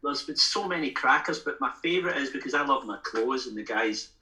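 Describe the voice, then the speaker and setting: A Scottish man, a band member and guest, telling lively anecdotes in a casual chat and acting out what people said. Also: medium pitch, fairly quick, poor audio. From Scotland. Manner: animated storyteller, acts out quotes.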